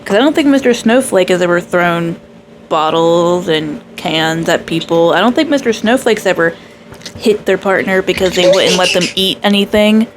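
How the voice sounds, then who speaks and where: A woman's voice: lowish voice, normal speed, a little hiss or hum. Sarcastic woman giving reaction commentary. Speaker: reaction channel host. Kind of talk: commentary over a reaction video.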